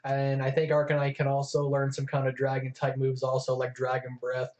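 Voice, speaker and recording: A man's voice: medium pitch, completely flat delivery, a little fast, darkish tone. Man chatting in an echoey room. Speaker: co-host. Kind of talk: casual chat. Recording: echoey room, dull lo-fi sound.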